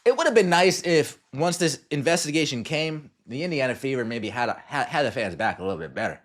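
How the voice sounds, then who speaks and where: A man's voice: medium pitch, lively intonation, quick pace. A man hosting a podcast, giving scornful, sarcastic sports commentary and mocking what others said. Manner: sarcastic and scornful, mocking quotes in put-on voices. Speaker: podcast host.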